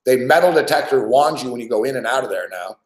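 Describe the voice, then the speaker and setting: A man's voice: mid-range voice, expressive, fast talker. A man hosting a podcast, telling a rambling story in casual chat with lots of swearing. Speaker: podcast host. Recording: roomy echo.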